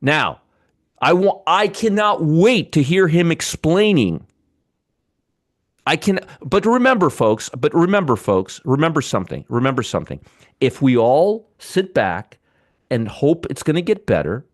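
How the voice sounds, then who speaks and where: A man's voice: on the high side, very animated, a little slow, no echo, studio quality. Sarcastic man on live market commentary. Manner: banters with live chat viewers; blunt, swears freely. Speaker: trading show host.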